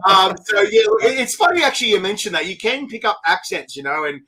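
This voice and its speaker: An Australian man hosting a casual online interview, excitable and rambling with lots of fillers. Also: high voice, fast, breathy edge. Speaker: host. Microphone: video call.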